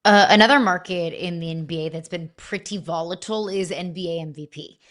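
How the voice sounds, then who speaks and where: A woman hosting a sports talk show, putting clear set-up questions to a guest analyst. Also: lowish voice, brisk, a bit bright. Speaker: show host.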